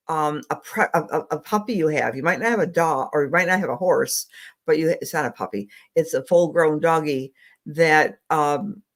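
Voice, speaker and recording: On a live stream, a middle-aged woman does psychic readings as an astrologer, her voice sitting on the low side. She wanders as she talks, affectionate throughout and heavy on fillers.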